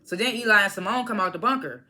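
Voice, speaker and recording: Casual, bright-voiced woman recapping a show. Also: medium pitch, fast. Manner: animated retelling, acts out characters' lines, frequent laughs. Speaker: TV episode reviewer.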